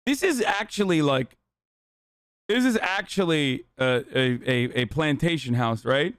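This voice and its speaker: A man's voice: fairly high pitch, animated, a little slow, fairly bright tone, clean tone, no echo, clean studio sound. A man streaming live, reacting to clips with sarcastic, slangy riffing commentary.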